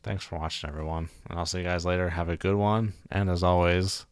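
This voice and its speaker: A man's voice: sits low, level tone, brisk, smooth, no room sound. A man casually thinking aloud while streaming a game, muttering and joking at himself. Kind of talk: casual live gameplay commentary.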